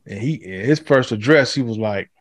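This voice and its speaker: A man's voice: medium pitch, expressive, moderate pace, dry recording. A man in casual chat who talks animatedly, swears freely and acts out what others said.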